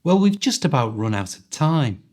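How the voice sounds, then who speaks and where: A man with a mild Liverpool Scouse accent, hosting an accent quiz in a clear, teacherly way. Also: fairly high pitch, sing-song, moderate pace, darkish tone. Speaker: podcast host, English teacher. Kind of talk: quiz host, scripted podcast.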